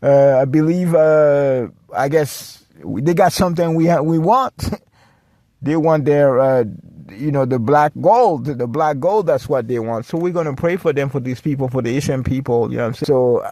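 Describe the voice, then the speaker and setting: A man's voice: fairly high pitch, moderate pace, dark tone, dry recording, clean studio sound. Agitated rambling male podcast host. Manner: agitated, rambling, many restarts and asides. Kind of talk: ranting solo commentary.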